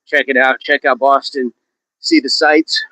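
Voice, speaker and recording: A man's voice: mid-range voice, flat delivery, unhurried, sharp tone, dry recording, rough recording. A man hosting a casual fitness livestream outdoors, upbeat, reading out viewer comments and joking around while he exercises. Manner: upbeat, reads viewer comments aloud and jokes about accents. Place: outdoors in wind.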